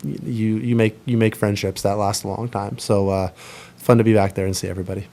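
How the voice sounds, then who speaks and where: Low-voiced man answering reporters, halting. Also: fairly even intonation, vocal fry, mellow. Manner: rambling, halting, many fillers and restarts. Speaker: baseball pitcher at a press conference. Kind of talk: press conference answers.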